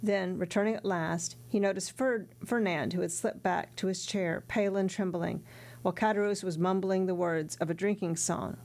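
A woman narrating a classic novel aloud in a steady, even storytelling voice. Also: lowish voice, normal speed. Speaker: audiobook narrator.

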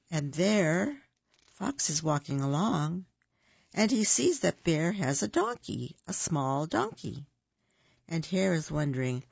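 A storyteller reading a children's picture book aloud in a slow, rhythmic, sing-song way. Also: medium pitch, expressive, gravelly, slightly rough, no echo, highs cut off.

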